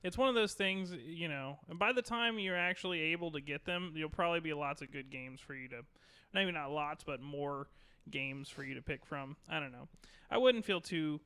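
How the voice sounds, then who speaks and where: A man's voice: fairly high pitch, normal speed, smooth. A man co-hosting a gaming podcast who chats easily and reads news stories aloud, stopping now and then to correct himself. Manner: easygoing, trails off softly, corrects himself while reading. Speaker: podcast co-host. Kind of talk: casual chat and reading news aloud.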